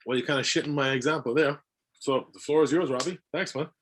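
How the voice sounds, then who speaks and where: An Irish man, a voice actor on a podcast, chatting casually in an animated way, swearing freely and laughing often. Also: mid-range voice, fast. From Ireland. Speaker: voice actor guest.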